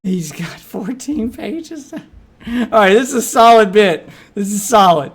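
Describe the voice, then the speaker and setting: A man's voice: sits high, lively intonation, a little slow, breathy edge. A man streaming live, reacting to a video with offhand, profane asides. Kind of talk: casual live reaction commentary.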